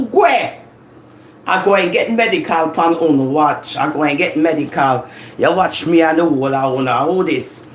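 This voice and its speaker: A live-stream host, chatting casually from home into a phone, animated and laughing as they tease and tell stories. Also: mid-range voice, a little hiss or hum. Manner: animated, laughing, teasing rants and storytelling. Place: home living room. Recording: echoey room with faint ambience.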